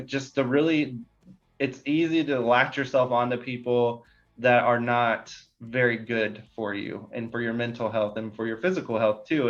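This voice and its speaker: A man's voice: mid-range voice, a bit bright. A young man, a podcast guest, talking earnestly in casual interview chat, rambling with lots of fillers. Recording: slightly dull lo-fi sound.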